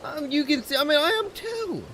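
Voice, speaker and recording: Rambling, swearing man with a lively voice. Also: very high voice, moderate pace, a little hiss or hum. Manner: rambling, profane, easily exasperated. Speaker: streamer. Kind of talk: off-the-cuff gaming commentary.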